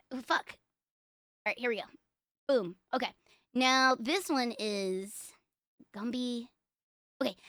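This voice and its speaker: Young woman streamer, high and bright voice, swears a lot, keeps cracking up laughing. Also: no room sound, studio quality. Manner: excitable, profane, breaks into laughter. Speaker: livestream host. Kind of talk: casual stream reaction commentary.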